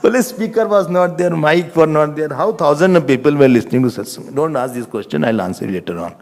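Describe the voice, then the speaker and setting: Indian-accented man, spiritual teacher, high lively voice, long reverb hall. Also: fairly quick. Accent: Indian English. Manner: animated, chuckling storyteller, quotes scripture. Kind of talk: storytelling religious discourse.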